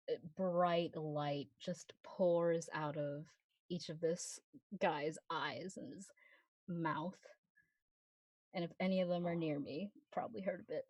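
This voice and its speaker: A woman's voice: on the low side, a little mellow, no echo. A woman playing her character in a tabletop game, playful as she describes her actions. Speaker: player. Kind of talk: tabletop role-play.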